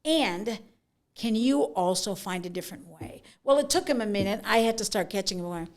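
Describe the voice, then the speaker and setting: A middle-aged woman author telling stories from her life in an interview, frank and animated, often acting out what people said. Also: mid-range voice, moderate pace. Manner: frank, animated storyteller, acts out quotes. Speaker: author and guest. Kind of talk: conversational interview.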